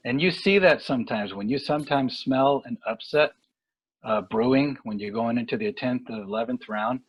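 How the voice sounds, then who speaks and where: A man talking boxing in a casual podcast chat, rambling and halting with lots of fillers and restarts. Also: mid-range voice, slightly rough, rough recording. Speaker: boxing analyst guest.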